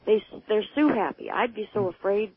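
A woman calling in to a radio show with a hoarse morning voice, asking a hesitant, rambling question. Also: medium pitch, normal speed. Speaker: caller. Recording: thin, dry phone line.

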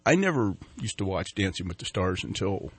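A man's voice: low voice, sing-song, fairly quick, breathy edge, no echo. A man hosting a morning radio show, chatting and joking and reading ads and community announcements. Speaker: radio host. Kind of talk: casual morning radio chat. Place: radio studio.

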